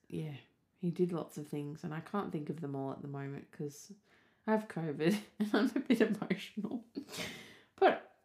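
A young woman with an Australian accent talks through a relaxed solo podcast. Her voice sits a little low, and she rambles along with plenty of "like" and "um" between her thoughts. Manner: chatty, rambling, peppered with "like" and "um". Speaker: podcast host. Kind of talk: casual solo podcast chat.

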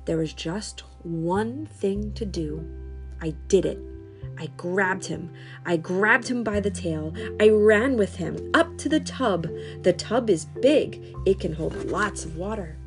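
A woman reads a children's story aloud, slow and deliberate, her voice rising and falling in lively swings. Soft instrumental music plays underneath. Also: mid-range voice. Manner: slow, expressive, sing-song.

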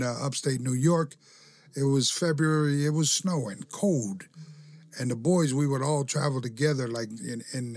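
A man hosting a podcast, telling relaxed backstage stories and laughing often. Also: medium pitch, vocal fry, breathy edge, no room sound. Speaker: podcast host, former wrestler. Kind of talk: casual storytelling chat.

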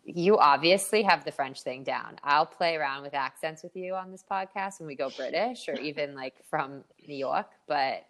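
Brief: American woman podcast co-host, low voice, playful storyteller. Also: normal speed, hardly any pauses, fairly bright tone. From United States. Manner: chatty storyteller, playful, laughs often. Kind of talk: casual chat.

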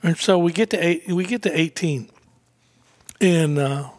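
Lively storytelling man, bright-pitched, dry sound. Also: measured pace, dry recording. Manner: animated anecdote telling, acts out quotes, laughs often. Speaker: guest. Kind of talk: casual storytelling interview.

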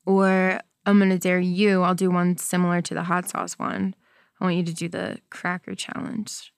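A young woman co-hosting a casual podcast, playful and quick to laugh and tease. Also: on the low side, completely flat delivery, clean tone, no room sound, clean studio sound. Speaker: podcast co-host. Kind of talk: casual chat.

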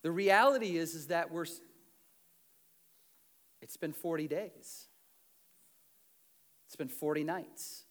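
Male pastor, high voice, lively sermon delivery with self-deprecating jokes. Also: slow, pauses often. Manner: animated, swinging between loud and hushed.

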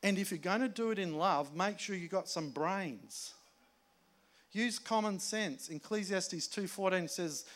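A man preaching a sermon in a conversational way, moving between emphatic points and hushed asides. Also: high voice, unhurried. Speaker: pastor.

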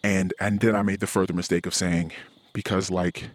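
A man's voice: deep voice, flat delivery, moderate pace, dry recording. A middle-aged man, a podcast host, ranting in a profane personal monologue. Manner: profane, ranting, with heated quoted asides.

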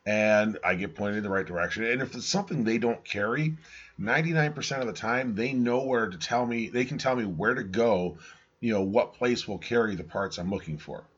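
A man's voice: on the low side, fairly quick, a bit bright, husky, muffled recording. A man co-hosting a casual podcast chat, making wry jokes and laughing often. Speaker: podcast co-host.

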